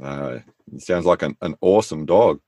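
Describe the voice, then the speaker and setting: Interviewer: deep-voiced man, unhurried and relaxed, dry close sound. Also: no echo. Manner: relaxed, brief encouraging replies. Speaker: podcast host. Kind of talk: interview questions.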